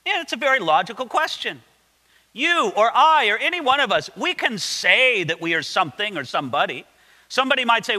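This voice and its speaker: High, bright-voiced man preaching in a hall. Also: big pitch swings, fairly quick. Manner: emphatic, reads scripture aloud and explains it. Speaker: pastor. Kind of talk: sermon.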